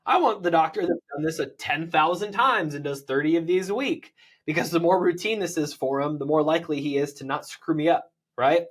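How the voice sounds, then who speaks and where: A man from the United States, a land investor and podcast guest, coaching on sales in an energetic, persuasive way and often checking in with "right?". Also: on the high side, brisk. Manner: energetic, persuasive, lots of "right?" tag questions.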